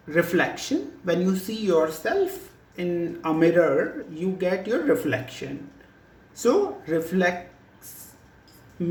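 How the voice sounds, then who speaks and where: A teacher giving a recorded grammar lesson, explaining slowly and deliberately with many examples. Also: medium pitch. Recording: echoey room.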